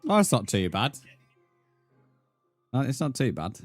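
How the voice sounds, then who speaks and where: A man's voice: medium pitch, huge pitch swings, a little slow, no room sound, faint music behind. A young British man chatting casually with viewers on a live gaming stream, bantering and calling people mate. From Britain. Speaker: livestream gamer.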